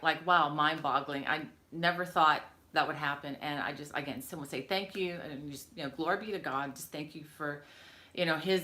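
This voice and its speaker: A middle-aged woman hosting a crochet live stream from home, chatting with viewers and greeting them by name. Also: deep voice. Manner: chatty, warm greetings to viewers, many fillers. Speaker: crochet channel host. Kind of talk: casual live-stream chat.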